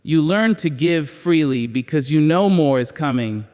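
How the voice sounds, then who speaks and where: A man's voice: fairly high pitch, expressive, a little slow, darkish tone. A man giving a preaching motivational speech, with solemn, emphatic declarations and repeated phrases. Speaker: motivational speaker. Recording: long hall reverb.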